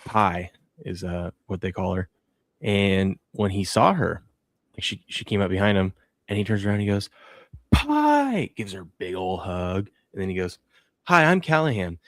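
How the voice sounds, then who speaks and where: A man in his thirties hosting a casual talk show, telling animated stories about his kids. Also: deep voice, moderate pace, dry recording, studio quality. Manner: animated storyteller, acts out a toddler's shrieks. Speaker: podcast host. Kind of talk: casual chat.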